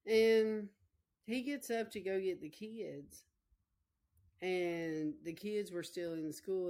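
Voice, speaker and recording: Slow, low-voiced woman preaching. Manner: emotional, repetitive storytelling, addresses listeners directly. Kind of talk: sermon with personal testimony.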